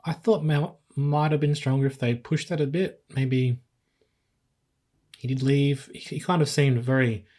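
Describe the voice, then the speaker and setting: An Australian woman co-hosting a podcast, measured and gently questioning in a casual film chat. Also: rumbling low, fairly even intonation. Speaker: podcast co-host.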